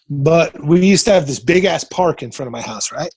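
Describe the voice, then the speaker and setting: A man's voice: on the high side, normal speed, a little mellow, slightly rough, no room sound. A man around forty from Nebraska, a podcast guest telling stories in a casual, profane way and acting out what people said. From Nebraska, USA. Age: 40s. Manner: profane, retells events by acting out quoted dialogue. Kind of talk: casual storytelling.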